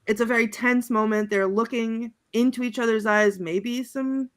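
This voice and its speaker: A woman's voice: fairly high pitch, fairly even intonation, moderate pace. Giggly rambling woman on a video call. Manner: rambling and giggly, with many fillers and restarts. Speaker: podcast panelist. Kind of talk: casual chat recapping favorite movie quotes.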